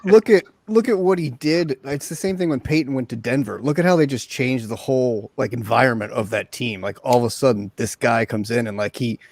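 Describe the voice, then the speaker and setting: A man's voice: medium pitch, fairly quick, hardly any pauses, darkish tone, no echo. A man chatting enthusiastically as a fan on an online show, peppering his speech with "like". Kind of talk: casual chat on a video call.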